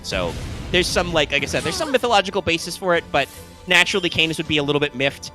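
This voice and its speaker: A man's voice: on the high side, very animated, fast talker, music in the background. A man co-hosting a casual gaming podcast, rambling with lots of fillers and restarts and casual swearing. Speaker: podcast co-host. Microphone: live stream microphone.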